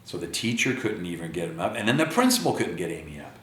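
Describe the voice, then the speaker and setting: Guy reading a kids book out loud, lowish voice that jumps around a lot, echoey room. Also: fast, slight background noise. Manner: animated, talks to children directly. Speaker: children's book reader.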